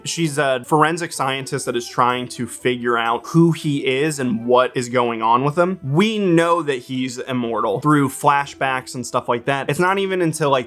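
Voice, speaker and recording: A man talks through a movie review in a relaxed vlog style, dry and joking, with the odd swear. His voice sits in a middle pitch. Faint music plays underneath. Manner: wry and joking, with casual swearing. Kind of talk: casual vlog commentary.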